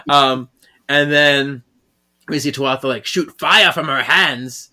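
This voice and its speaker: A man's voice: medium pitch, a little slow, bright, forceful tone. A man co-hosting a podcast, recapping a comic in casual chat and laughing often. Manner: laughs often, hesitant fillers. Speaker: podcast co-host.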